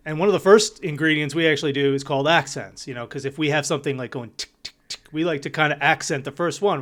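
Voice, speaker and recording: Upbeat man teaching rhythm, slightly high. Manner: upbeat, chatty, vocalizes beats and counts. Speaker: drum teacher. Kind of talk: casual video lesson.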